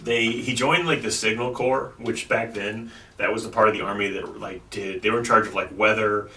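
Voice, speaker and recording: A man's voice: on the low side, steady tone, normal speed, sharp tone. A man hosting a comedy podcast, casually telling a history story with lots of fillers. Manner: rambling, loose, with lots of likes and ums. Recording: echoey room, distant mic, faint noise.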